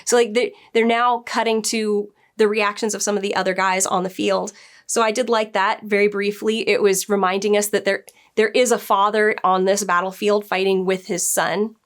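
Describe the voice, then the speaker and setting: A woman's voice: mid-range voice, flat delivery, normal speed. A woman who works as a book editor, chatting casually through a TV episode review and acting out the characters' lines as she goes.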